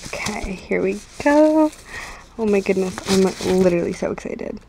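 Young woman vlogging at home, gravelly voice, slow and rambly, lots of ums, faint hiss behind. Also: medium pitch, rough recording. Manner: bubbly, excitable, rambling with many fillers. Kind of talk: casual vlog chat.

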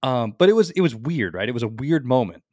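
A man co-hosting a podcast, telling rambling, animated anecdotes in casual chat. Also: mid-range voice, fast talker, dry recording, clean studio sound. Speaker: podcast co-host.

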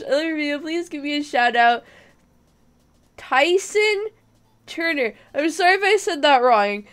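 A young woman live-streaming a game, chatting casually and excitably with bursts of giggles and squeals. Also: sits high, measured pace, long pauses.

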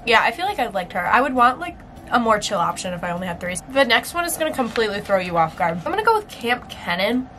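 A woman's voice: on the high side, very animated, fast talker, a bit bright, a little hiss or hum, rough recording. A young woman vlogging in a casual, chatty way, with plenty of filler words and laughs. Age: young adult. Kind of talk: casual chat.

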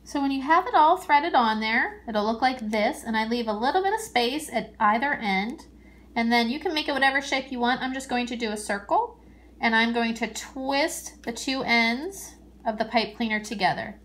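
A woman who is a children's librarian, leading a toddler storytime in a gentle, encouraging, sing-song teacher voice. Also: on the high side, normal speed. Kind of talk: speaking slowly and simply to toddlers. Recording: roomy echo.

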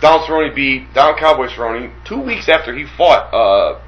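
A man co-hosting a casual sports talk radio show, profane and excitable. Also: mid-range voice, dull audio. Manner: profane, excitable, rapid-fire. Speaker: podcast co-host.

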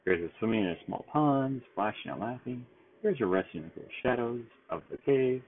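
A man reading a bedtime storybook aloud in a steady, gentle way. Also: medium pitch, fairly quick. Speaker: storybook reader. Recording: tinny phone-like sound with faint noise.

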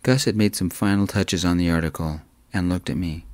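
A man reading a romance story aloud in a calm, soft-spoken narrating voice. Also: low voice, brisk, dry recording.

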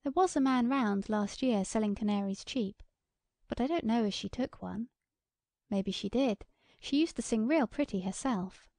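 A blunt country farm wife, played by a woman narrator, talks in a mellow, gravelly voice. Her speech is plain and direct, recorded close and dry for an audiobook. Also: a little high, normal speed, dry recording, close to an everyday voice. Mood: rueful. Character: plain-spoken rural farm wife, regretful.

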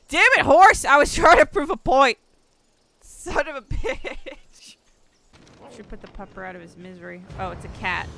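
A woman streaming a video game, commenting on her play in an excitable way, swearing freely and laughing often. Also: a little high, vocal fry, a little hiss or hum. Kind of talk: live gameplay commentary.

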